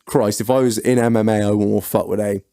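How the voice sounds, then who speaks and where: A man's voice: on the low side, a little fast, clean tone, no room sound, studio quality. A man hosting a casual podcast, telling stories full of swearing. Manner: profane, animated anecdote-telling. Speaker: podcast host.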